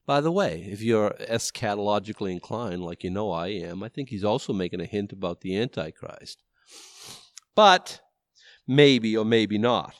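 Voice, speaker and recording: Lively rambling guy giving a bible study, self-deprecating, voice jumps up and down a lot, dry close sound. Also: fairly low pitch, normal speed, dry recording. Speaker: pastor.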